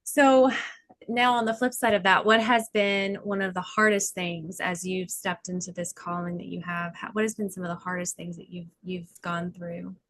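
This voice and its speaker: A woman's voice: on the low side, level tone, normal speed, a bit bright, dry recording. A woman hosting a podcast, affirming her guest and asking interview questions. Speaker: podcast host.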